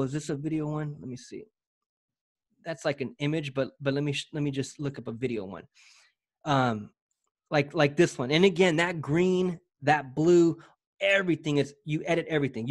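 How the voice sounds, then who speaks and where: Hyped up guy walking thru a demo, kinda high voice, lots of slang and restarts. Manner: energetic, slangy, repeats words often. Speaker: presenter demoing software. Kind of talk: casual walkthrough chat.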